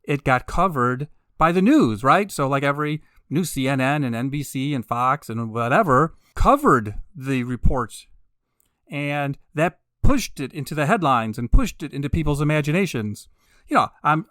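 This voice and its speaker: Wry, sarcastic podcast host, dry close mic. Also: male voice, a little high, lively intonation, a bit bright, dry recording. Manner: wry and sarcastic, with laughing asides; builds to emphatic, drawn-out peaks. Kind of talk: casual monologue.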